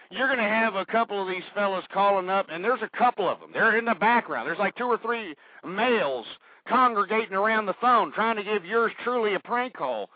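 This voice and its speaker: Man, talk radio host, profane blustering rant, husky high voice, muffled lo-fi stream. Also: dry recording. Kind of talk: ranting call-in radio monologue.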